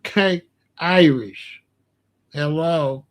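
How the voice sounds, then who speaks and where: A man's voice: a little high, very slow. A middle-aged man ranting bluntly and profanely in casual commentary, repeating himself and dismissing others.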